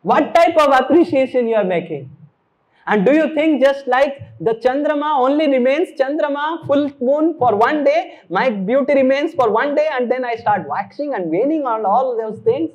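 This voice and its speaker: A man's voice: medium pitch, fairly even intonation, measured pace, hardly any pauses, warm tone, lo-fi sound, natural voice. A man voicing an upset young woman who scolds her beloved in a retold sacred story. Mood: indignant. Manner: indignant scolding.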